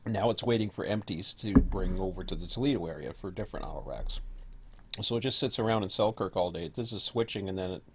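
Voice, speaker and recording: A man's voice: low-pitched, fast, slight background noise. A man casually chatting and rambling to himself while he plays a train simulator game. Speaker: host. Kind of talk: casual gaming commentary.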